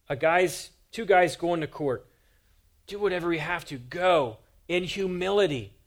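A man preaching a sermon as a pastor, earnest and emphatic, driving his points home with repeated rhetorical questions. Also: on the high side.

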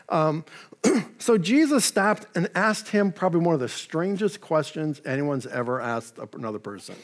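A male pastor delivering a sermon with a somewhat high-pitched voice. He talks in a relaxed, conversational way, dropping in casual asides. His delivery stays friendly and unhurried. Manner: conversational, with asides and paraphrased dialogue.

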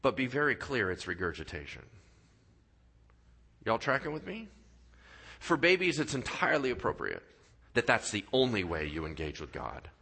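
A male pastor preaching a sermon in church, telling stories with acted-out voices and dropping to quiet, earnest tones for his key points. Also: medium pitch, moderate pace, creaky, pauses often, husky. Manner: animated storyteller, acts out voices and sound effects. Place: church sanctuary.

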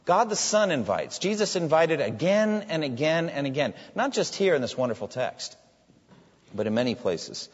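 A man's voice: fairly high pitch, big pitch swings, normal speed. A man preaching a sermon, reading scripture aloud with emphasis and posing questions to his listeners. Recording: dull sound with long hall reverb.

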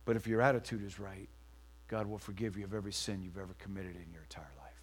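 A man preaching a sermon as pastor in a church, rising to loud emphatic lines and dropping to a hushed near-whisper. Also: sits low, fairly even intonation, quick pace.

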